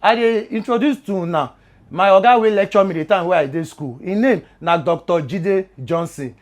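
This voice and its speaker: A man's voice: high-pitched, normal speed. A young man with a Nigerian accent hosting a talk show in pidgin, echoing his guest's words back.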